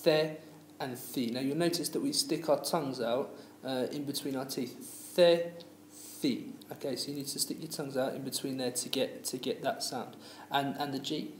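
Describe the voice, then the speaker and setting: A man's voice: mid-range voice, fairly even intonation, brisk, few pauses. A man teacher explaining pronunciation rules patiently, with many fillers and restarts. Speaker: language teacher. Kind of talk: classroom lesson. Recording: echoey room with faint noise.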